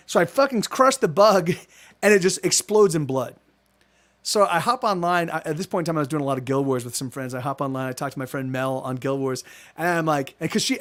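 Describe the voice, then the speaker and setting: A man in his thirties, a livestream host, telling a rambling story to his chat with many restarts and a lot of swearing. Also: high voice. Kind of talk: casual storytelling to live chat.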